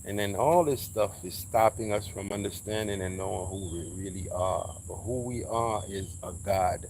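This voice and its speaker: A man's voice: low-pitched, moderate pace, darkish tone, a little hiss or hum. A man giving a casual spiritual monologue, preachy and emphatic, swearing freely as he talks. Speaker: speaker sharing spiritual views.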